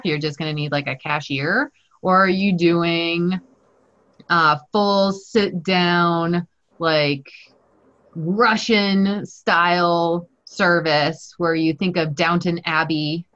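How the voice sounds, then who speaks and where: Woman instructor, slightly low voice, jokey and chatty, muffled video call sound. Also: a bit bright. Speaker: culinary instructor. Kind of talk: live online class. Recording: muffled online call audio.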